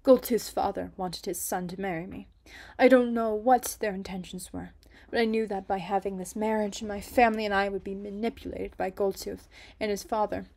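A woman's voice: mid-range voice, fairly even intonation, moderate pace, gravelly, hardly any pauses. A woman doing a fiery young pirate lady. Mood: troubled. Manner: indignant, loud outbursts.

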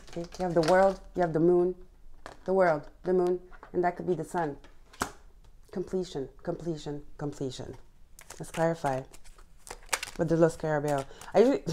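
A woman reading tarot cards to her viewers, gushing and excited, often repeating words and letting out sighs and laughs. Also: lowish voice. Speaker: tarot reader. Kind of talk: casual tarot reading to camera.

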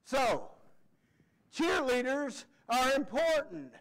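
High-voiced excitable preacher man. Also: takes it slowly, rough recording. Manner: folksy, excitable preaching with shouted cheers. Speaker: pastor. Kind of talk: sermon.

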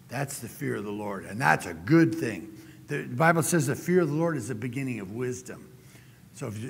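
Man, middle-aged, sermon, folksy anecdotes, gravelly, reverberant hall. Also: medium pitch. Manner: folksy storytelling, animated when quoting. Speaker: guest preacher. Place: church sanctuary.

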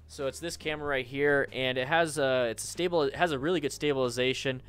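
A man's voice: medium pitch, fairly even intonation, quick pace, fairly bright tone, smooth. Chatty man hosting a livestream. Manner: chatty, restarts and repeats himself. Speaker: livestream host. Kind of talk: casual live chat reading viewer comments. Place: home.

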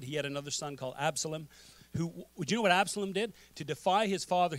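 A man's voice: a little high, no room sound. A male pastor preaching a sermon, retelling Bible stories in a casual, conversational way with frequent asides to the congregation. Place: church.

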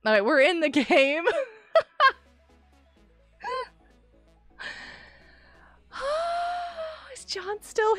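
Young woman game streamer, high bright voice, giggly and bouncy, bit of music behind. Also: no room sound. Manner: giggly, playful, sounds out words. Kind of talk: casual game stream chat.

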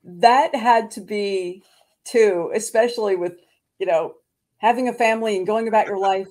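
A woman's voice: mid-range voice, moderate pace, a little mellow. A woman hosting a casual interview, reacting briefly and asking questions. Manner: short reactions and laughs while listening. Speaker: host.

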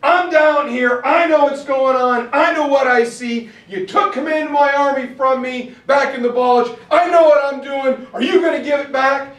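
A man acting out a furious middle-aged American general who shouts indignantly, in a roomy recording from away from the mic. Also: extremely high pitch, normal speed, few pauses, recorded from a distance, voice pushed up.

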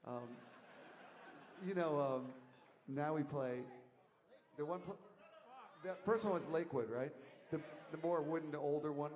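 A man's voice: on the high side, unhurried, pauses often. Rambling, laughing middle-aged man on stage. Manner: animated, laughing, swings from mumbling to shouting. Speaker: musician telling a story on stage. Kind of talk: rambling onstage storytelling. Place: live concert venue. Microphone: stage mic, audience tape. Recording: audience taper recording, faint hiss.

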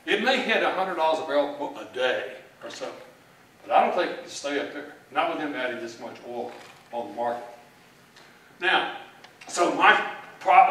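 A man's voice: on the high side, fairly bright tone, slight background noise. A man from Texas with a Texan accent, giving a folksy, joking keynote talk at a conference. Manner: folksy, joking, plain-spoken. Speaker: economist speaker. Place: large event hall. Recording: echoey hall, from far off.

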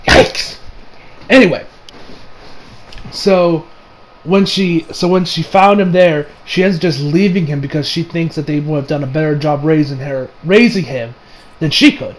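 Young guy with a high voice rambling thru a movie review, swears a lot, gets worked up. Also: unhurried. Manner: rambling, excitable, swears, acts out quotes in high voice. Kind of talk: casual spoken movie review.

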